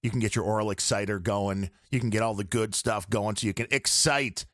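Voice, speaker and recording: Man, podcast guest, casual chat, rambling explainer, bright tone, dry sound. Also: lowish voice, fairly even intonation, a little fast, no room sound. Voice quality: rambling, explaining audio gear at length.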